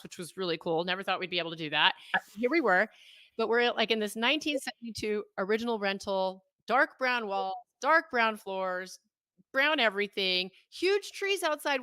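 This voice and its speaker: A woman in her thirties, a guest on an interview, telling a candid personal story with animated, self-mocking delivery. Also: a little high, dry recording, clean studio sound. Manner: animated, acts out her own past thoughts in quotes. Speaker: interview guest, life coach.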